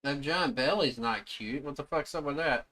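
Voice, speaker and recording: A man's voice: medium pitch, moderate pace, sharp tone. A man streaming live, reacting to video clips with profane, blurted comments.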